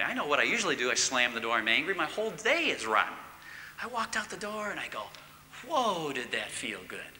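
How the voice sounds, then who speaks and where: Animated middle-aged man preaching in a hall. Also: fairly high pitch, a little hiss or hum. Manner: animated, swings from loud emphatic to hushed near-whisper. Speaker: marriage course speaker. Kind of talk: church teaching talk. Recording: long reverb in a large hall.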